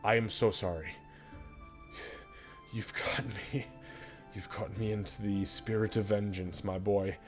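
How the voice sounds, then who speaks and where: Brief: crude fatherly old dwarf, voiced by a man, low and gruff, tabletop game. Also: steady tone, unhurried, long pauses, over music, lightly acted. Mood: secretive. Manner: profane, theatrical, fatherly.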